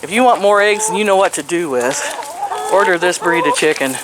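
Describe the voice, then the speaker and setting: A woman's voice: lowish voice, fairly quick, heavy background noise. An older woman chatting outdoors to her chickens and rabbits, cooing in sing-song baby talk and laughing often. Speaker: vlogger. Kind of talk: casual chat to pets.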